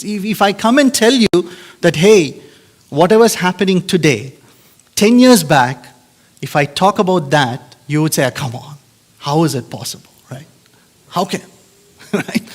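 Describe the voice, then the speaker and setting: A man preaching a live sermon in a conversational, emphatic way, often checking in with the congregation. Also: a little high. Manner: conversational, emphatic, frequent "right?" and "okay?" checks.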